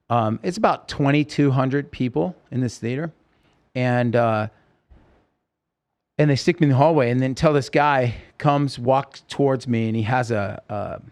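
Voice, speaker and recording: A middle-aged man telling a story as a podcast guest, lively and acting out the voices of the people he quotes. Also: medium pitch, creaky. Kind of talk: casual storytelling interview.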